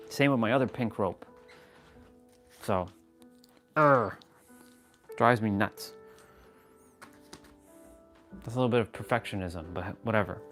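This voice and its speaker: A man with a low-pitched voice chats casually on a fitness livestream. His self-help talk is frank and full of swearing and restarts. Faint music plays in the background.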